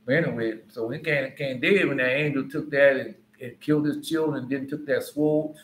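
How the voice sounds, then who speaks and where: Bright-voiced man teaching the Bible. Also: medium pitch, brisk, a little hiss or hum. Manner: conversational, rambling, with frequent asides. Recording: roomy echo.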